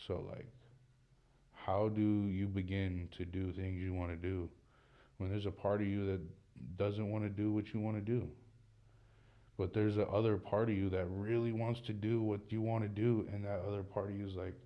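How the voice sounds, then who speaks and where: Casual male host, low voice, rambling slangy delivery, muffled lo-fi recording in a small room. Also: little pitch movement, normal speed. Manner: rambling, slangy, peppered with "bro" and "dude". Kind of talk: casual comedic monologue.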